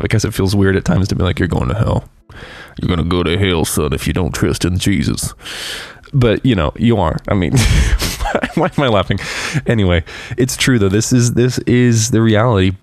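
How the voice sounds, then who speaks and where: A man giving an earnest, candid devotional talk as a preacher, halting and restarting as he reflects. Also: lowish voice, a little mellow, no room sound. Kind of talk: devotional talk on a worship song. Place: outside a church.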